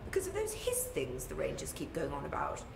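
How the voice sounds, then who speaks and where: A brisk, haughty scientist with a British accent, curt and talking down to everyone. Her voice swings widely in pitch. It sits in a roomy game soundscape with noise clearly audible behind it. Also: huge pitch swings, full character voice. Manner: curt and condescending.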